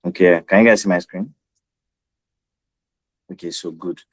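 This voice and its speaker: Low-voiced man presenting an online tech workshop, earnest, repeats himself for clarity. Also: fairly even intonation, unhurried, dry recording, rough recording. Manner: earnest, repeats phrases and checks with listeners. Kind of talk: explaining software in an online workshop. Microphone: video call.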